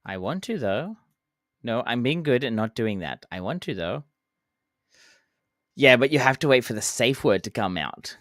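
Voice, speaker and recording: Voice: mid-range voice, animated, moderate pace, pauses often, fairly bright tone, no room sound, studio quality. A game streamer chatting casually while playing, answering chat, counting down jumps and making playful sound effects.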